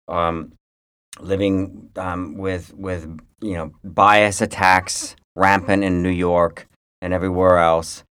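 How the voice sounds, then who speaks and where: Male podcast co-host, very low voice, blunt, grumbly and profane, close dry mic. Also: clear, resonant tone, no echo. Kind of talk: casual chat.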